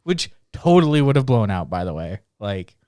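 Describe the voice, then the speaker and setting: A man's voice: lowish voice, very animated, normal speed, dark tone, no echo, clean studio sound. A young man co-hosting a casual podcast, laid-back and easily amused. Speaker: podcast co-host.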